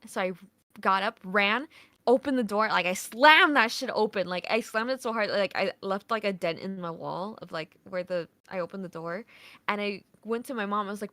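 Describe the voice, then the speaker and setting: Woman, podcast guest, rambling casual storytelling, bright voice, dry close sound. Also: medium pitch, no room sound. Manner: rambling, heavy "like" filler, swears freely.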